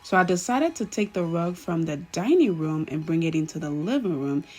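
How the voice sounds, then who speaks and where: A woman chatting casually through a home decor vlog, gushing now and then with excited cheers. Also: on the low side, normal speed, husky, faint music behind. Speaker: home vlogger.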